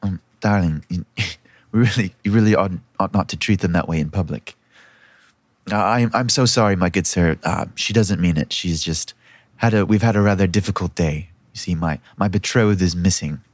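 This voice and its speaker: A man voicing a haughty young high elf princess who talks in a prim, overly polite, flustered way. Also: moderate pace, no room sound. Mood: prim, gushing.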